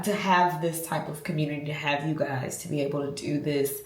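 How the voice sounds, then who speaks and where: A woman, talking casually to her viewers in a warm, heartfelt, faith-filled vlog from her home. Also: deep voice, fairly even intonation, brisk, hardly any pauses, echoey room. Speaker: lifestyle vlogger. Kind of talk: casual vlog talk to camera. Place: room at home.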